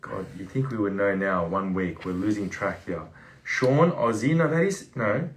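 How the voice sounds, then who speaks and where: A man's voice: fairly low pitch, moderate pace, a little hiss or hum. A man co-hosting a casual livestream chat, teasing and laughing often. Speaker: livestream co-host.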